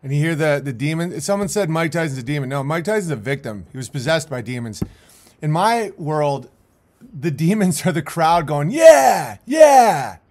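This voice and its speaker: A man's voice: fairly high pitch, moderate pace, slight background noise. Rambling man reacting to clips. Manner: rambling, intense, many restarts. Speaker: commentator. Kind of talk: casual commentary on video clips.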